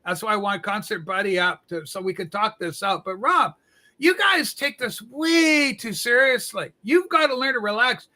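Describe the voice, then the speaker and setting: A man's voice: high-pitched, expressive, normal speed, pushed and bright, heavily acted. A man playing Rachel, a flamboyant, gossipy woman who fusses and scolds in mock scandal during comedic livestream banter. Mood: bossy. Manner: campy, chatty, mock-scandalized.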